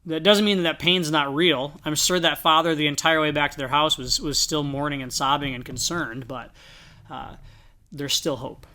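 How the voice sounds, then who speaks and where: Man, podcast co-host, earnest, reflective, bright tone, casual Bible talk. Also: fairly high pitch, fairly even intonation, moderate pace.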